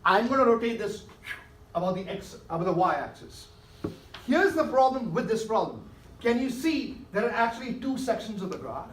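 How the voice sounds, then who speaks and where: This male math teacher's voice sits high and has a sing-song quality, moving at a moderate pace. He encourages his class and often checks whether they're following, mixing lecture with questions, and the audio sounds distant and echoey with faint hiss.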